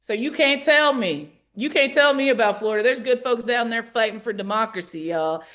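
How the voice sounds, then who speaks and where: Energetic Southern woman hosting a rally call. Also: fairly high pitch, fairly quick. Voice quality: lively, folksy, calls out to the audience. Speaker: call host and organizer.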